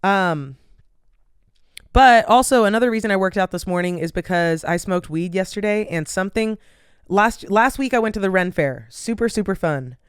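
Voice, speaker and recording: Tired young woman rambling, smooth dry voice. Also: medium pitch, normal speed, no echo. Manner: rambling, lots of "like" and "um". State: tired and yawning. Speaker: podcast host. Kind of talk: casual solo chat.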